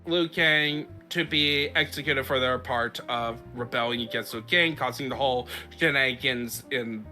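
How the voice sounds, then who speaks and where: Bright-voiced man rambling through a recap. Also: medium pitch, moderate pace, faint music behind. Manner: rambling recap with frequent "uh" and restarts. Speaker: podcast host. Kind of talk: casual podcast chat, recapping a game story.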